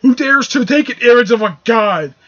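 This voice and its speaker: Guy doing an angry comic book thunder god, loud and pompous, kinda high and sharp, muffled lo-fi audio. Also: expressive, moderate pace, heavily acted. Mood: wrathful. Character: thundering male god of thunder, proud and wrathful.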